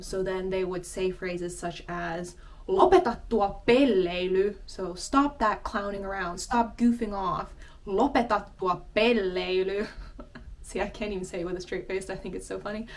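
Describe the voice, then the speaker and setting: Young female host, chatty and giggly, casual word-of-the-week teacher, mid pitch. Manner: giggly, chatty, laughs often. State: out of breath. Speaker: language teacher. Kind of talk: casual vocabulary lesson.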